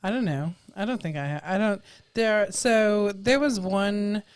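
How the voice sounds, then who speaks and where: Woman, live-stream co-host, smooth clear voice, self-deprecating, medium pitch. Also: measured pace. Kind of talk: casual live-stream chat.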